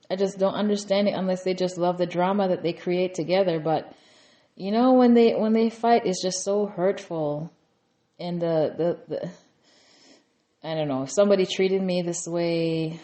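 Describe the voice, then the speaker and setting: A woman's voice: fairly low pitch, dark tone, reverberant. A woman recapping a reality TV episode in a chatty, rambling way, full of "you know" fillers. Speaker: TV recap reviewer.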